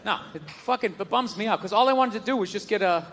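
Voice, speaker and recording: A man's voice: sits high, fairly bright tone, big-room sound. A middle-aged man doing stand-up before a live audience, sardonic and profane, stretching out his words. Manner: sardonic, profane, drawn-out delivery. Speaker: stand-up comedian. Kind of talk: stand-up comedy. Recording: live show with crowd and noise.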